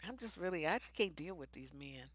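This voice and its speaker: A woman's voice: sits low, animated, brisk, no room sound, clean studio sound. A woman hosting a live advice stream, answering viewer questions in a blunt, sassy, no-nonsense way with plenty of slang and swearing. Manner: profane, slangy. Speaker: relationship advice host.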